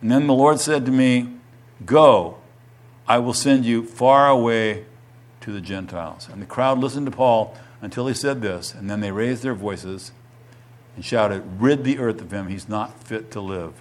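A middle-aged male pastor preaching a sermon, reading scripture aloud and then retelling it with rising, animated emphasis. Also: a little slow. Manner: animated, rising in pitch and volume when retelling a quoted testimony.

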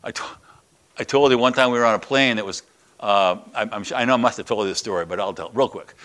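A man's voice: on the low side, fast talker. An older man preaching a sermon, retelling a Bible story and a personal anecdote, acting out the quoted voices with chuckles. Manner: lively, acts out the scenes with quoted voices and chuckles. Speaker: pastor.

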